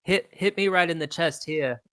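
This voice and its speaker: A tabletop game master voicing a dim, gentle, apologetic female earth elemental who keeps saying sorry. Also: medium pitch, normal speed, dry recording, studio quality, pitched above the performer's own voice, lightly acted. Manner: meek, polite, keeps apologizing.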